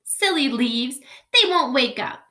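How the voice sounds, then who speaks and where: Woman doing a bossy capybara voice, loud and high. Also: animated, unhurried, echoey room, full character voice. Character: bossy know-it-all female capybara.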